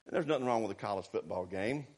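A man preaching a sermon, fervent and swinging between shouted warnings and quiet asides. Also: fairly low pitch, expressive, fast talker, husky. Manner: fervent, rising to shouts, then quiet and sarcastic.

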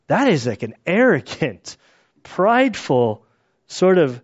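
Male Bible teacher, relaxed and chatty, slightly higher voice, muffled recording. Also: slow pace. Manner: conversational, acts out quotes with laughs.

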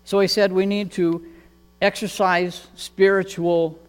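A man preaching a sermon as pastor, earnest and measured, often repeating words as he goes. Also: high-pitched, level tone, clear, resonant tone, big-room sound.

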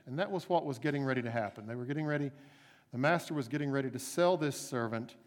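A man preaching a sermon, retelling a parable in a lively storytelling way. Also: medium pitch. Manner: storytelling, animated. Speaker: pastor. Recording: long church reverb.

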